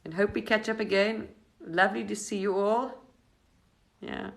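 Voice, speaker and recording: A middle-aged woman hosting a casual live stream, rambling gently through spiritual advice with frequent restarts. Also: mid-range voice, fairly even intonation, normal speed, gravelly, low-quality recording. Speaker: livestream host.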